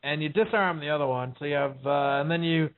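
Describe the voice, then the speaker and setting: This man hosts a laid-back chat podcast in a somewhat high voice at a slightly quick clip. His talk is blunt, full of swearing, rambling and stuffed with fillers, all heard through thin, phone-like audio.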